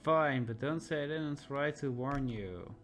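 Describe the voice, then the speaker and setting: A man's voice: medium pitch, unhurried, fairly bright tone, soft background music, lightly acted. A man voicing a spiteful, zealous soldier in a video game, talking in a sneering, threatening way.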